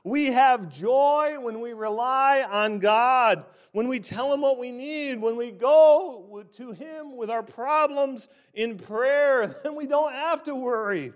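A man preaching a sermon in an emphatic, deliberate way, stressing key words. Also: extremely high pitch.

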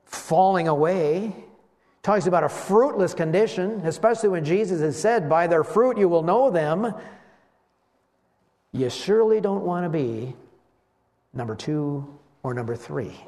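Animated preaching man in a reverberant hall. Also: sits high. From West Michigan. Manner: animated preaching, slows for emphasis. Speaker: pastor. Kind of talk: sermon.

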